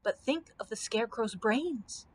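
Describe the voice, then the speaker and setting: A woman's voice: a little high, lively intonation, unhurried. A woman voicing a timid, good-natured male lion in a storybook, groaning and resigned.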